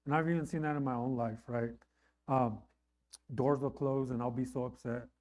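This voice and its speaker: A man's voice: mid-range voice, fairly even intonation, normal speed, a little mellow. A man preaching a sermon in an earnest, conversational way, often checking in with his listeners. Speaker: pastor.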